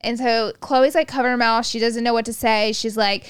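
Animated gossipy woman podcast host. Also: on the high side, a little fast, clear, resonant tone, dry recording, clean studio sound. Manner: animated gossipy storytelling, swearing freely. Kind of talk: casual chat.

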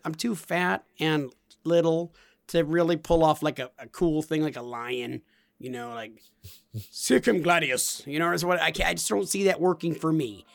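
A man's voice: on the high side, gravelly. A man, co-hosting a casual chat and telling jokey, self-deprecating stories about his son. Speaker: podcast co-host, father.

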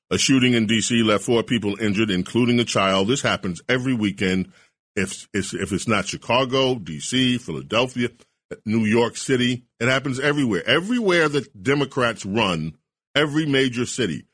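A male talk radio host delivers an opinionated monologue, sarcastic and indignant by turns. His voice is husky and mid-pitched. The sound is close and dry, as from a studio. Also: fairly bright tone, dry recording.

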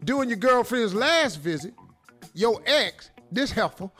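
A man hosting a radio advice show, reading a listener letter with animated, joking, slangy commentary. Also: very high voice, a little slow, faint music behind. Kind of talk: comic advice talk.

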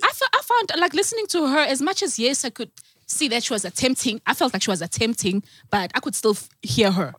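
South african woman on a podcast, husky, dry studio sound. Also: sits high, animated, fairly quick, a bit bright, dry recording. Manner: chatty, laughs easily, explains with examples. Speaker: podcast cohost. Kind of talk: casual chat.

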